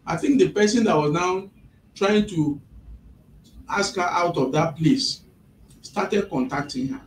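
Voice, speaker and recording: A man's voice: high-pitched, measured pace, long pauses, slight background noise. A man, retelling events step by step as an employer's representative in a mediation session. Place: office. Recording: echoey room from a distant mic.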